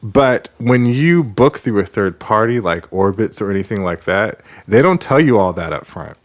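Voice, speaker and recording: Animated laughing man telling stories. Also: fairly low pitch, moderate pace. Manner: animated storytelling, laughs often, switches into quoted voices. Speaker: podcast host. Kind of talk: casual podcast chat.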